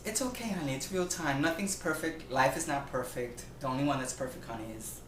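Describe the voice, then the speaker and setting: A campy, theatrical cooking host from Puerto Rico, talking in a casual, gushing way and sprinkling darling and honey everywhere. The voice sits in a middle pitch and is picked up by a camera mic from across an echoey home kitchen, with faint background noise. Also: a little fast, distant mic. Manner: flamboyant and campy, calls viewers darling and honey.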